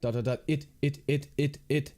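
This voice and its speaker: A man's voice: medium pitch, a little slow, darkish tone, close to an everyday voice. A man reading the lines of an agitated man who stutters under stress, stumbling over repeated words. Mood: flustered.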